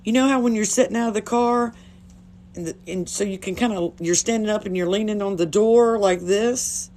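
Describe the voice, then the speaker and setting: A woman's voice: medium pitch, moderate pace, mellow, a little hiss or hum. A woman talking casually on a phone livestream, blunt and chatty, swearing freely. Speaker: livestream host.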